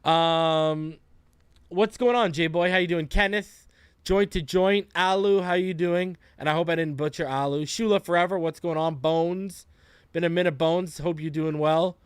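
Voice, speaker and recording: A man hosts a live fan podcast, chatting easily and tossing out greetings to his viewers. His voice sits a little high and comes through smooth and clean. The close mic gives a dry sound. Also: fairly even intonation, measured pace, no room sound. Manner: laid-back, greets viewers by name, slangy. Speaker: podcast host. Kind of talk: casual live-stream chat. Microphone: close desk mic.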